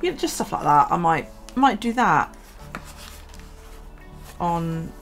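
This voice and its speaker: Over faint music, a UK woman talks through her journaling vlog in a fairly low voice that swings widely in pitch and moves slowly. She sounds tired, yawns, and rambles with lots of ums and restarts.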